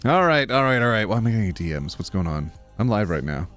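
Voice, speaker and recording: A man chatting casually on a live stream, playful and quick to laugh as he thanks viewers. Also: on the low side, big pitch swings, a bit bright, soft background music. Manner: playful, reads donations aloud, laughs often.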